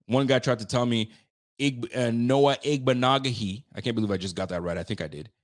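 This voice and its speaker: A man's voice: on the low side, fast. A man hosting a casual sports talk show, ranting emphatically, trash-talking and often repeating himself.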